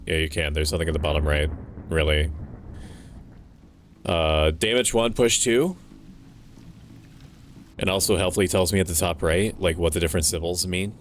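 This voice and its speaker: Very deep-voiced male streamer chatting. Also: normal speed, long pauses, slight background noise. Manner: chatty, swears, laughs, thinks aloud. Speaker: VTuber streamer. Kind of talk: casual gameplay commentary.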